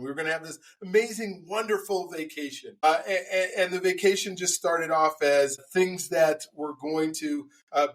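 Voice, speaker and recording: A man with a high voice tells a personal story as a podcast guest. He talks in an animated way, stumbling through fillers and restarts. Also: poor audio. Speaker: guest speaker. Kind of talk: storytelling interview answers.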